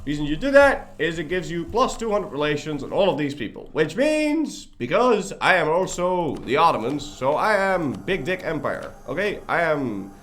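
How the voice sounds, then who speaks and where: A man's voice: a little high, very animated, normal speed, few pauses, fairly bright tone. A young man casually chatting while live-streaming a strategy game, rambling and joking and swearing freely.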